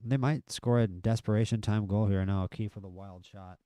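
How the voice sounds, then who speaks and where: A man live-streaming a football management game, chatting through the match and getting excited at near misses and goals. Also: fairly low pitch, brisk, no room sound. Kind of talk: live gameplay commentary.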